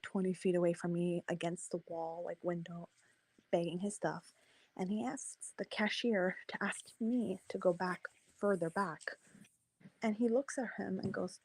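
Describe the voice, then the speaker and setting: A woman telling a personal story in a casual debate, lively and acting out what people said. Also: lowish voice, normal speed, breathy edge, dry recording, poor audio. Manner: animated, acts out quoted voices. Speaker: debate participant.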